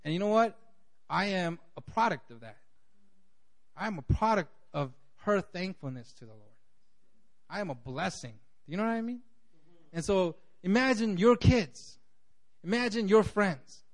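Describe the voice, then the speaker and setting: Guy preaching in a loose chatty way, pretty high voice, acts out quotes. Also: lively intonation, normal speed, pauses often. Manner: conversational, peppered with "you know". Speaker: pastor. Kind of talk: sermon.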